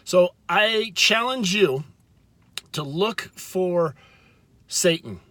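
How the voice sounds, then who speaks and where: A man's voice: high-pitched, animated, sharp tone, no echo. Earnest man giving a casual faith talk. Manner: earnest and conversational, with frequent restarts and emphatic slow stresses. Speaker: video host.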